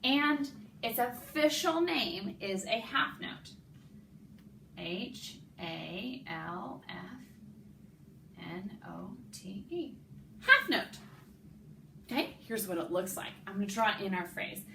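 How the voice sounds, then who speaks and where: A woman music teacher giving an elementary music lesson, talking slowly and clearly and singing rhythm syllables. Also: mid-range voice, expressive, fairly bright tone. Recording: echoey room, faint background noise.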